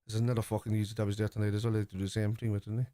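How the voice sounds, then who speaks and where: A man's voice: fairly low pitch, little pitch movement, racing, dark tone, no room sound, studio quality. A man, hosting a live football watchalong and answering viewers bluntly, with plenty of swearing. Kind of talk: live stream chat reacting to viewers.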